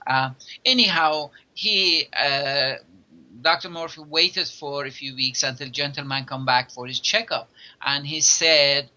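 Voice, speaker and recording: A man who is a non-native English speaker, a guest telling stories in halting, filler-heavy talk. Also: fairly high pitch, sharp tone, highs cut off. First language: not English. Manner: halting, many fillers, laughs often. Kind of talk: conversational storytelling.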